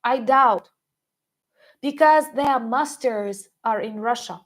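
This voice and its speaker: A woman's voice: fairly high pitch, takes it slowly, fairly bright tone, poor audio. A woman hosting a live-stream commentary, talking with many hesitant fillers and emphatic stresses. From Ukraine. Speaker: host.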